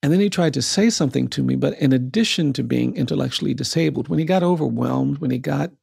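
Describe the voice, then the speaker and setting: A man tells a personal story as a guest on a podcast, his voice rough and gravelly with a husky grain. He speaks in an earnest, measured way and lets repeated phrases pile up for emphasis. The sound is close and dry. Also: mid-range voice, darkish tone, no echo. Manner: measured, earnest, builds emphasis through repetition.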